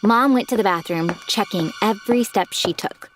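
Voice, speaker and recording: A woman giving scripted first-person narration for an animated story, expressive and animated. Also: mid-range voice, normal speed, soft background music.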